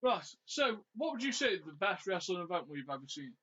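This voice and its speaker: A man co-hosting a podcast, telling a road story in an animated, ranting way and swearing freely. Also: high-pitched, a little fast. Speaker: podcast co-host. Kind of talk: casual storytelling chat. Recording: dull lo-fi audio.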